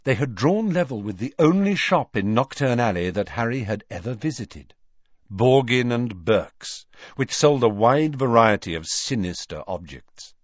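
A man narrating a storybook aloud in a measured, expressive reading. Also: medium pitch, no room sound, lo-fi sound. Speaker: audiobook narrator. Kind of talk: scripted narration.

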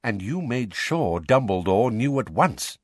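Lupin, a narrator doing a measured wizard. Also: male voice, mid-range voice, very animated, dry recording, studio quality, pitched above the performer's own voice. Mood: explaining.

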